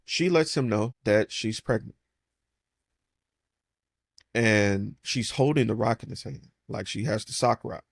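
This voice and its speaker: A man's voice: fairly low pitch, measured pace, creaky, long pauses, slightly rough, no room sound, clean studio sound. A man casually retelling a film's plot and acting out the characters' lines. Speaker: movie recap host. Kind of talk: casual film breakdown.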